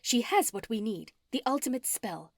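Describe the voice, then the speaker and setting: A woman's voice: on the high side, expressive, normal speed, no echo, studio quality. A woman narrator voicing a scheming, gloating female witch villain in an audiobook, her lines sneering and at times hissed. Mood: commanding.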